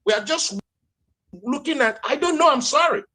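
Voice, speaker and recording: A man's voice: very high voice, lively intonation, normal speed, bright, forceful tone. A man with a Nigerian accent, speaking heatedly and repeating points in a live social media audio chat. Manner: heated, emphatic, repeats himself.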